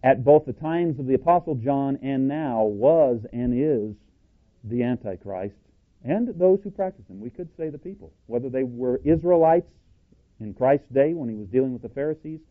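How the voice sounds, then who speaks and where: A man preaching a sermon, speaking emphatically and slowing down to read out quotations. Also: medium pitch, animated. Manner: emphatic, slows down to read quotes. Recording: tinny phone-like audio.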